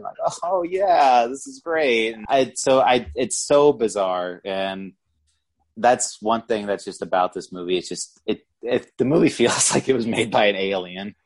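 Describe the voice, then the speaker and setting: A man's voice: mid-range voice, moderate pace. A man co-hosting a podcast, chatting casually about a film in a rambling way and often laughing as he talks. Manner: rambling, laughs while talking. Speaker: podcast co-host. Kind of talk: casual movie review chat.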